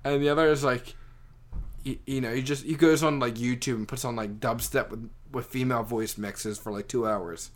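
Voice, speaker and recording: A man's voice: medium pitch, fairly even intonation, normal speed. A young man chatting casually, rambling through a story with lots of filler words. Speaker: friend telling a story. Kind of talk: casual chat.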